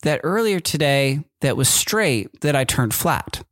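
A man voicing his sweet, eager little son, raising his voice into a high, earnest child's tone. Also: lively intonation, a little slow, fairly bright tone, no room sound, studio quality. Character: sweet, eager little boy, proud of himself.

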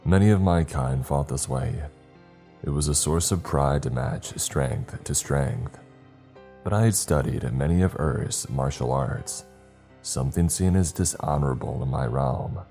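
A male storyteller reads a first-person horror tale in a steady, dramatic way. His voice is extremely deep and mellow-dark, and soft music hangs faintly behind him. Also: measured pace. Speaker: narrator. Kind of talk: scripted horror story narration.

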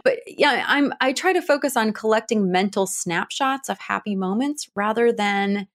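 A woman in her thirties from Ohio, a guest telling lively stories with laughter and acted-out quotes. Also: moderate pace. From Ohio, Cleveland area. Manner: lively, laughing, acts out quotes with big pitch jumps. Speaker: guest, author. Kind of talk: animated storytelling in a podcast interview.

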